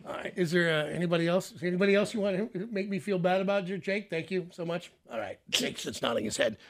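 A man's voice: sits high, expressive. A man hosting a radio morning show, joking and teasing callers in casual on-air banter. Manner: joking, teasing, quick asides.

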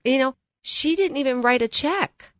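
A woman's voice: high voice, animated, normal speed, a bit bright, dry recording. A woman who works as a financial advisor, telling stories earnestly on a radio show. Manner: earnest, storytelling, addresses co-host by name. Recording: dry studio sound.

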